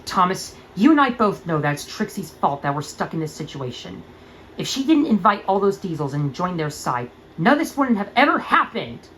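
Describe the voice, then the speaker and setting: A woman's voice: fairly low pitch, very animated, normal speed, fairly bright tone, a little hiss or hum, rough recording. A woman voicing a fiery young female pony sorceress in a fan-made audio drama, speaking heated and indignant. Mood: angry.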